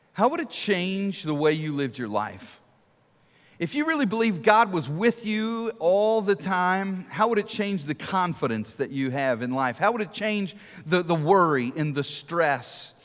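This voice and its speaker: A middle-aged man preaching a sermon to a church, telling stories and asking rhetorical questions, sometimes dropping to a hush for emphasis. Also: high voice. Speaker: guest preacher. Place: large church auditorium. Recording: long reverb of a large hall.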